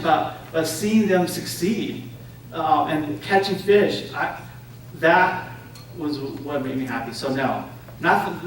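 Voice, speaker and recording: A man giving a conference talk to an audience, telling stories and often checking in with "right?" and "okay?". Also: sits high. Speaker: conference speaker. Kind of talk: interactive lecture to an audience. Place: conference room. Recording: echoey room, distant mic, faint noise.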